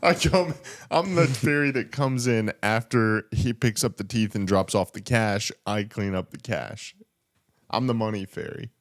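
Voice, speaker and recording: A man's voice: on the low side, unhurried. A young man co-hosting a podcast in casual chat, goofy and laughing often, slipping into silly voices. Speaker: podcast co-host.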